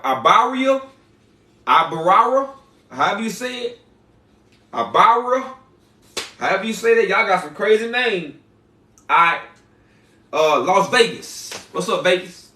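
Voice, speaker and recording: High-voiced man chatting in an echoey room. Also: pushed and bright, recorded from a distance. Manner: loose, repetitive, slangy. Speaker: online seller reading viewer names. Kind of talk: casual livestream chat.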